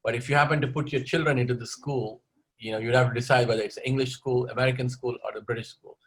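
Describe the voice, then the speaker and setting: A man's voice: medium pitch, steady tone, quick pace. A man answering audience questions as the speaker of an online webinar, giving advice on learning English and often ending points with "okay?". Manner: advising, repeats "okay?" after points.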